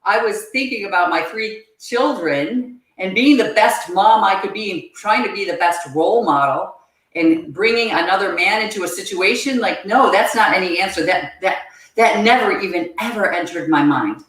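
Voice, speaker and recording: A woman guest on a podcast, telling her personal story in an earnest, halting way and repeating words as she goes. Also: mid-range voice, fairly bright tone. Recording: very echoey room.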